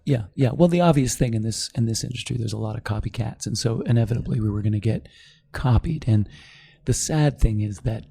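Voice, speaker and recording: A middle-aged man, a company founder, telling his story in a podcast interview, animated and quick to act out what others said. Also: mid-range voice, creaky, breathy edge. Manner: animated storyteller, acts out quoted voices.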